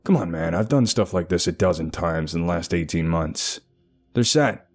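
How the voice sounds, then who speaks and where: A man playing an experienced cave rescuer who talks in a brisk, impatient way. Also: sits low, lively intonation, faint music behind. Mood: urgent.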